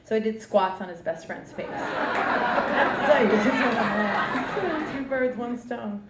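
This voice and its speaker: A woman's voice: on the high side, lively intonation, unhurried, over a noisy crowd. Brash woman doing stand-up in an echoey club. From New Jersey. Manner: brash, profane, punchy delivery. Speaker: stand-up comedian. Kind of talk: stand-up comedy routine. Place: comedy club stage, live audience. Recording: roomy club recording from a distance, audience noise.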